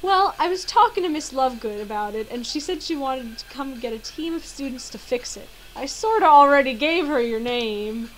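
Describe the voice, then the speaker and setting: Woman reading a kindly older groundskeeper giant, plain unaccented voice, slightly high pitch, talkative, game playthrough. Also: expressive, normal speed, hardly any pauses, slight background noise, poor audio. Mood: friendly. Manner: reads lines in her own voice, no accent.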